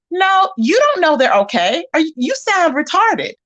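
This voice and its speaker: High-voiced woman hosting live commentary. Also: normal speed, highs cut off. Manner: animated, talks straight to chat and calls people out. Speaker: livestream host. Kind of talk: casual commentary chat.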